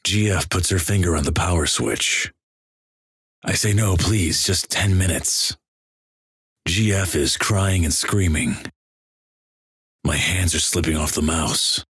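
A man reading crude internet stories aloud in a deadpan way. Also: deep voice, measured pace, long pauses, husky, no echo, studio quality. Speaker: narrator.

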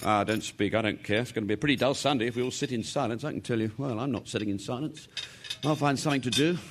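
A man's voice: mid-range voice, quick pace, a little hiss or hum, natural voice. An actor playing a cheeky, hungover man who teases his sulky family and chuckles at his own jokes. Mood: teasing. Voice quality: boisterous, teasing, chuckling often. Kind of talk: stage comedy acting.

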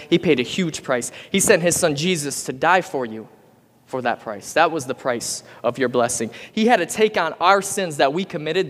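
Energetic man preaching in an echoing hall. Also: a little high. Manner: energetic preaching, urging the audience to respond. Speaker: youth pastor. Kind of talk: youth sermon. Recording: long hall reverb.

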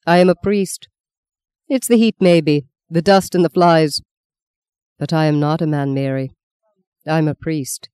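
A woman reading the part of a charming, guarded male priest who answers wryly and gently protests. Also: low voice, fairly even intonation, unhurried, pauses often, smooth, no echo. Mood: troubled.

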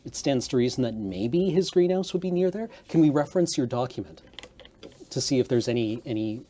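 A man's voice: mid-range voice, lively intonation, brisk, mellow. A man playing a tabletop game, speaking hesitantly and politely. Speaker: player. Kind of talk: casual tabletop play.

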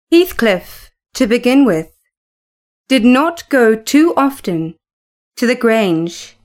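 A woman narrating a classic novel as an audiobook, in a calm and measured way. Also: on the high side.

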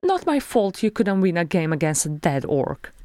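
A woman's voice: fairly low pitch, big pitch swings, moderate pace, mellow, dry recording, clean studio sound. A woman reading aloud, voicing a proud, boastful young dwarf who likes to tease. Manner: boastful, teasing.

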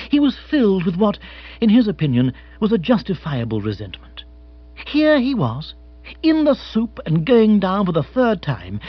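Animated, husky male audiobook narrator. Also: high voice, muffled recording. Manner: expressive, animated reading. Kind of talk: scripted narration of a comic novel.

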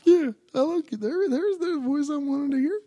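A man with a high voice co-hosting a comedy podcast. He answers in a hesitant, deadpan way. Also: moderate pace, no room sound. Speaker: podcast co-host. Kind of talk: comedic banter.

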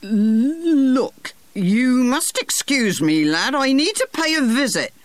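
A narrator doing a firm old gardener who won't be argued with. His voice is pushed high and clipped, with a dry, close sound. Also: big pitch swings, takes it slowly, no echo, exaggerated voice.

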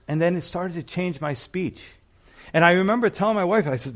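A man's voice: high-pitched, expressive, brisk. A male pastor preaching a sermon in a conversational, storytelling way, with frequent asides to the congregation.

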